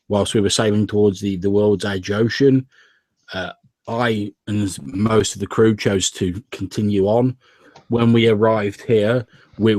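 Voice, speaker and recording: A man's voice: on the low side, a little mellow, dry recording. A man voicing an earnest young adult missionary son who stammers and halts as he explains himself. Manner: stammering, halting.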